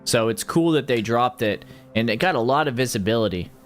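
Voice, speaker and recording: A male streamer chatting loosely on a live stream, rambling from topic to topic with jokey asides and self-mockery. His voice sits at an ordinary middle pitch, with faint music behind him. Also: animated, a little fast. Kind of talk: casual livestream chat.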